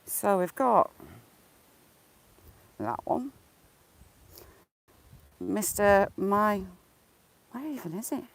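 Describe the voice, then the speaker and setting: On a casual phone live-stream by a lake, a woman strolls while chatting, greeting viewers by name and poking sarcastic fun at them. She speaks very slowly in a creaky, medium-pitched voice with lively intonation and frequent pauses. The recording is dry and low quality.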